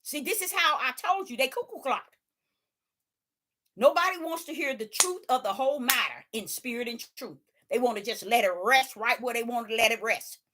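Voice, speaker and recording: A woman's voice: fairly high pitch, moderate pace, noisy background. A woman preaching informally, emphatic and rhetorical, with folksy dialect and phrases repeated for emphasis.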